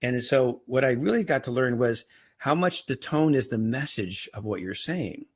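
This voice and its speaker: A man's voice: medium pitch, animated, normal speed, breathy edge. A middle-aged man talking casually as a podcast guest, often restarting and repeating words. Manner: frequent restarts and stammered repeats. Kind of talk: casual interview talk.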